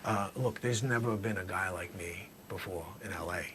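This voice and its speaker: A man's voice: sits low, normal speed, noisy background, voice pushed down, close to an everyday voice. A man voicing a tough, middle-aged male drug dealer in an improvised comedy sketch, cocky and muttering threats. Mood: laid-back. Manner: cocky, menacing, drops to mutters.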